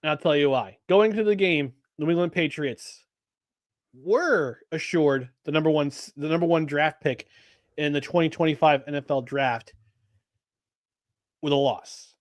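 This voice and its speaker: A man co-hosting a casual sports podcast, animated and sarcastic, reading statements aloud with a mocking edge. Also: on the high side, a little slow, no echo. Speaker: podcast co-host.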